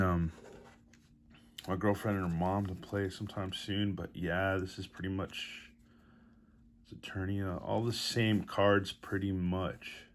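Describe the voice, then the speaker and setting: A man chatting casually about a card game, rambling and easygoing, his voice hoarse from allergies. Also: fairly low pitch, a bit bright, a little hiss or hum. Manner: rambling, easygoing, chuckles often. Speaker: toy collector vlogger. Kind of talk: casual unboxing chat.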